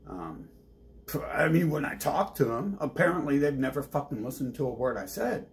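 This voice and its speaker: A man's voice: mid-range voice, expressive, normal speed, vocal fry. A man streaming alone, ranting in a restless, agitated way, swearing heavily and jumping from topic to topic. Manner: heavy swearing, restless, jumps between topics. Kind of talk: agitated rambling monologue.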